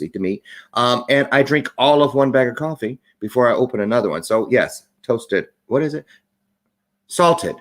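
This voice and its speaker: A man's voice: fairly low pitch, a bit bright. A middle-aged man hosting a live-streamed talk show, chatty and playful with jokey asides.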